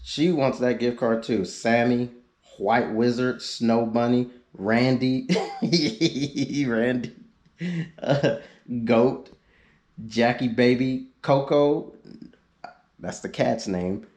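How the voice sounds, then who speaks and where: Laid back dude on his car vlog, talks real slow, cracks jokes reading names. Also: medium pitch, fairly even intonation, a little mellow. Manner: laid-back, drawn-out, joking asides. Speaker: YouTube car vlogger. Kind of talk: casual chat reading viewer suggestions.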